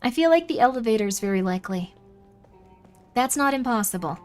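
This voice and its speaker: A young woman chats casually with viewers while gaming on stream, reacting aloud to chat and muttering to herself as she plays. Her voice is a little high, expressive, and brisk, with faint music behind her.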